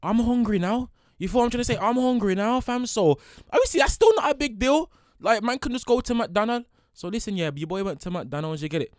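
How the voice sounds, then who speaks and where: A young man, rambling excitably in street slang as he introduces a reaction video. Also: extremely high pitch, fairly quick, dry recording, studio quality. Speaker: reaction streamer. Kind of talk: hyped reaction commentary.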